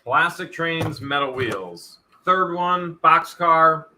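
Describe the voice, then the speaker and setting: A man runs a live online auction, talking straight to his viewers with an energetic, slightly repetitive flow. His voice sits a little high and sounds bright and tense. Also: takes it slowly, slight background noise. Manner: energetic, talks straight to chat viewers, repeats himself. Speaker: host of an online storage auction stream. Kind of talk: live stream chat and auction hosting.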